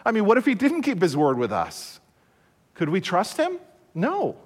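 A male pastor delivers a broadcast sermon in a high, clear voice. He speaks deliberately, repeats his key phrases, and poses rhetorical questions. A long hall reverb trails his words. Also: wildly swooping pitch.

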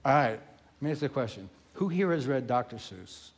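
A male pastor preaching a sermon, emphatic and animated, acting out the story as he goes. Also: medium pitch, brisk.

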